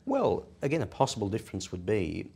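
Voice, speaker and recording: A man explaining ideas in a measured academic discussion, posing rhetorical questions as he goes. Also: lowish voice, huge pitch swings, gravelly, dark tone, breathy edge. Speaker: podcast discussant.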